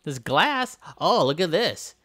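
Bob is a boastful, goofy strongman from a comedy game video, voiced by a man. He bellows and brags in a bright, lively voice that swoops all over. He drawls his boasts slowly, with a faint hiss behind him. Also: a little high, husky, heavily acted. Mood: rowdy. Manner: bragging, shouty, childish jokes. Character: boastful goofy male strongman destroying buildings.

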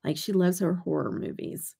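A woman's voice: lowish voice, normal speed, gravelly, warm tone, husky. A middle-aged woman hosting a live stream in giggly casual chat. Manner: giggly, chatty.

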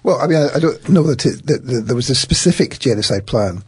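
A middle-aged man, a guest in an interview, recounting events in an animated way with many restarts. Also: medium pitch, fast, husky. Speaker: guest, academic.

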